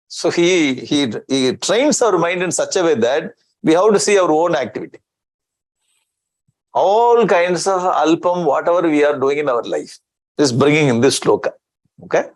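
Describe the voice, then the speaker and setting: A man's voice: a little high, lively intonation, moderate pace, low-quality recording. A man giving a scripture discourse as a swami, chanting Sanskrit verses and explaining them in with rhetorical questions.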